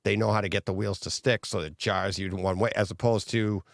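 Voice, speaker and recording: Guy cohosting a home theater podcast, gravelly fry in his voice, dry close sound, rambles and restarts a lot. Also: fairly low pitch, fairly quick, no echo. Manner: rambling, excitable, restarts often. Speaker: podcast co-host. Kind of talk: casual chat.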